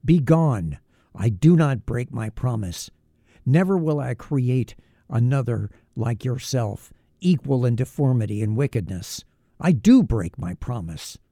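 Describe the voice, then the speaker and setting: Guy reading as a fierce scientist saying no, firm and indignant, gravelly low voice. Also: expressive, unhurried, mellow, dry recording, clean studio sound. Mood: defiant. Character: defiant young male scientist refusing a demand. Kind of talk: audiobook reading.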